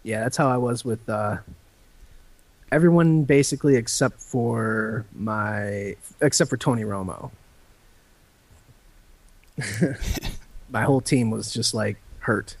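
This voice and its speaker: A man's voice: medium pitch, slow pace, long pauses. A man co-hosting a casual chat, laid-back and casually swearing as he talks.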